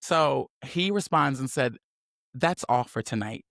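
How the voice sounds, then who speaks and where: A man hosting a podcast, telling a personal story in candid chat and acting out the people he quotes with sudden high voices. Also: unhurried, vocal fry, no echo, clean studio sound. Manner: animated, swings into high mocking voices when quoting. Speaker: podcast host.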